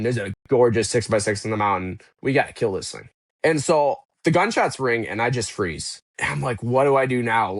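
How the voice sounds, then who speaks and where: A man's voice: mid-range voice, fairly bright tone, no echo. A man as a podcast guest who tells a story with energy and acts out his own past thoughts. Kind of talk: casual storytelling interview.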